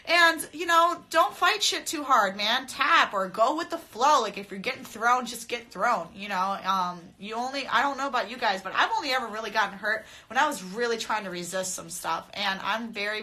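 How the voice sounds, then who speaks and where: A young adult woman, a mixed martial arts fighter, chats casually on a phone live stream, talking straight to her viewers with blunt, profane language and frequent laughter. Her voice is medium-pitched, bright, and forceful, picked up by the phone camera's microphone.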